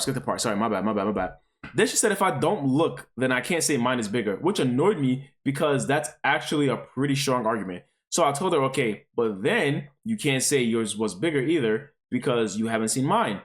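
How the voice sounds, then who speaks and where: A man streaming, reading online posts aloud and reacting to them in a profane, rambling, exclaiming way. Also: medium pitch.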